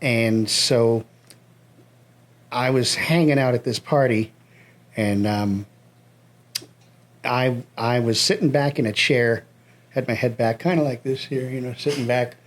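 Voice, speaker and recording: A man's voice: mid-range voice, fairly even intonation, measured pace, pauses often. A man in his thirties from western Massachusetts with a New England accent, a musician guest telling a story in casual chat, laid-back and swearing freely.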